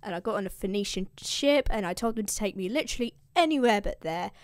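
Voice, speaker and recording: A woman's voice: mid-range voice, lively intonation, fast, dry recording, studio quality, lightly acted. Woman doing a slangy wary Greek hero. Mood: casual. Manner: casual slangy chatter. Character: wary scheming male Greek hero, slangy modern talker.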